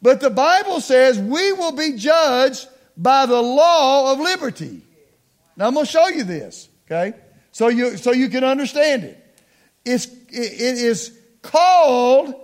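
A middle-aged man preaching a sermon, calling on the congregation to respond, slowing down to stress key words and dropping into quiet asides. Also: extremely high pitch, big pitch swings. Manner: call-and-response preaching, slows for emphasis, drops to hushed asides.

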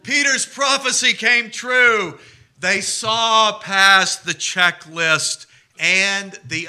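Slow, bright-voiced priest telling stories. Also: male voice, a little high. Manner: storytelling with humor. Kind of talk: sermon.

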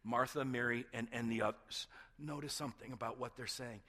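A man's voice: medium pitch, fairly even intonation, fairly quick, bright, forceful tone, husky. A male pastor preaching a sermon with passion, often repeating words and dropping to a near-whisper at emotional points.

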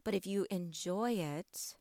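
A woman's voice: on the low side, a little slow, vocal fry, a little mellow, dry recording, studio quality. A woman hosting a wellness podcast, speaking encouragingly and directly to her listeners. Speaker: podcast host.

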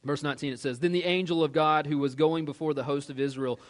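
A male pastor preaching a sermon, reading scripture and acting out the grumbling crowd in a casual, animated way. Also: on the high side, quick pace.

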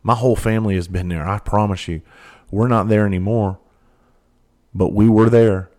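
A trainer for first responders gives a candid monologue in a fairly low, fairly even, darkish voice at normal speed. He's earnest and blunt, telling heartfelt stories with casual cursing and phrases he keeps repeating.

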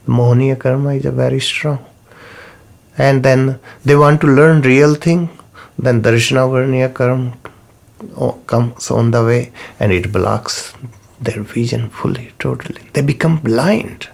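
Slow gravelly man teaching. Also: medium pitch, a little mellow. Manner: unhurried, repeats key terms, non-native phrasing. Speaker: spiritual teacher. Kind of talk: slow spoken teaching talk.

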